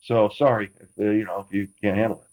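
A man with a husky, slightly breathy voice talks as a guest on a chat show. He rambles and restarts his sentences often, and he teases the host in a playful way. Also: fairly low pitch, fairly even intonation, fast talker, a little mellow, rough recording. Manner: rambling, self-interrupting, playfully teasing. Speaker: guest, former quarterback. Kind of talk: casual chat.

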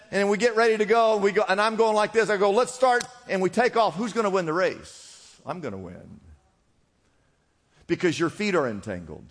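A man's voice: high-pitched, a bit bright. A man preaching a sermon as pastor, urging his listeners on with repeated exhortations. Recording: long hall reverb.

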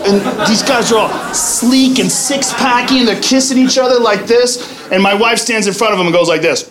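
High-voiced brash stand-up comic man. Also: moderate pace. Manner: brash, profane, loud punchlines. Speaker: stand-up comedian. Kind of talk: stand-up comedy routine. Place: comedy club stage. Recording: live club recording, audience laughter. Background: crowd laughing.

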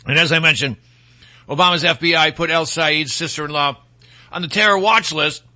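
A man's voice: a little high, moderate pace, sharp tone. A man from Michigan with a Michigan accent, hosting a casual political talk show in a rambling, opinionated way with folksy asides.

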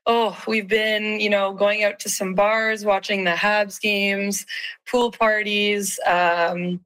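A woman in her thirties, a hockey player speaking as an interview guest, slightly hoarse, upbeat, with frequent fillers and laughs. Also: medium pitch, little pitch movement, takes it slowly, fairly bright tone, low-quality recording. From Saskatchewan, Canada. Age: 30s. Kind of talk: casual interview.

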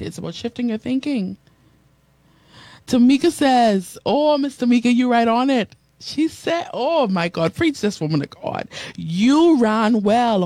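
A woman preacher delivers a sermon to her listeners, repeating her phrases and reading out comments as they come in. Her voice leaps high on exclamations, then drops to quiet asides. The sound is close and dry, with no room around it. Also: no room sound. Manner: swings from hushed asides to soaring exclamations. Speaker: preacher and radio host. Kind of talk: preaching to a live stream and radio audience.

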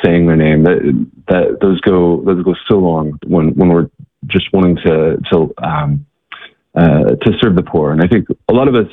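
A man talking as an interview guest, telling stories in a halting way, with many fillers and repeated words. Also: deep voice, slightly rough, dry recording. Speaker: guest, charity worker. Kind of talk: casual interview storytelling. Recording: tinny, dry phone-like line.

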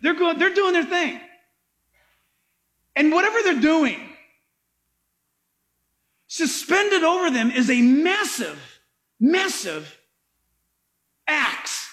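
A male pastor preaching a sermon, animated and dramatic in his emphasis. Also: very high voice, unhurried, long pauses.

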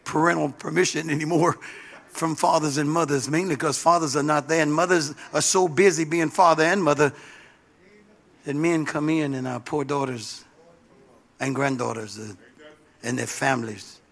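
A man's voice: a little high, steady tone, normal speed, creaky, a bit bright. A male pastor preaching a sermon in an emphatic call-and-response style.

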